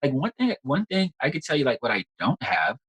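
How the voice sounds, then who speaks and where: A man's voice: medium pitch, sing-song, fairly quick, fairly bright tone, slightly rough, low-quality recording. A man chatting casually as an interview guest, laid-back and slangy, repeating words as he talks. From United States. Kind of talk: casual conversation.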